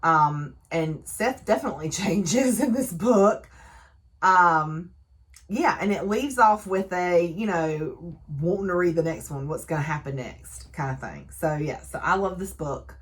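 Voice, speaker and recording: A chatty woman gives a casual book recap with a lower-pitched voice. She talks in a lively, animated way, with plenty of fillers and frequent laughs. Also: unhurried, breathy edge. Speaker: book reviewer.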